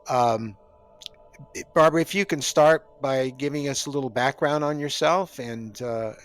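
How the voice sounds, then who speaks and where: A man hosting an interview show, speaking haltingly with frequent fillers. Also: mid-range voice, smooth. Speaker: host.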